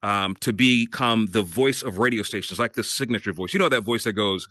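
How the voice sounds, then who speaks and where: A middle-aged man, a radio host and voiceover artist, telling his career story in a casual interview, animated and laughing often. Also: on the low side, brisk, no echo.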